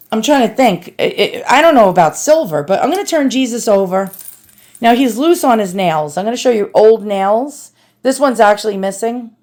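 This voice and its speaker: A woman's voice: a little high, a little mellow. Chatty New York woman restoring antiques. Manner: chatty, self-deprecating, addresses viewers as boys and girls. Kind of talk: casual restoration vlog.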